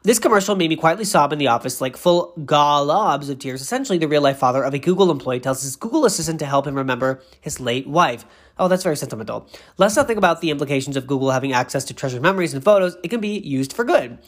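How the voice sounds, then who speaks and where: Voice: medium pitch, animated, quick pace. A speaker from Boston with no regional accent, recapping commercials in a rambling comic monologue from a bathroom, digressing and tripping over words.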